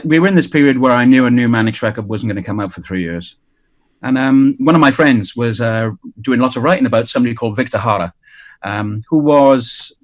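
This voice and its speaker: A Welsh man in his fifties, speaking as a guest on a radio interview. He talks in a halting way, with lots of fillers and restarts, at an ordinary middle pitch. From Wales. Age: 50s. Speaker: guest musician. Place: outdoors by the sea.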